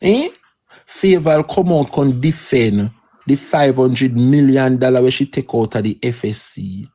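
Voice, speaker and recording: A man's voice: mid-range voice, unhurried, dark tone. A man with a Jamaican accent giving fiery political commentary on a live stream, slipping between patois and standard English. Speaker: political livestreamer.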